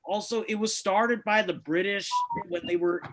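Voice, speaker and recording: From home, indoors on carpet, a stand-up comic does a set at an online open mic over a video call, his voice a little high and steady over poor audio. He fires off brash, punchy jokes in a quick rhythm, swearing often.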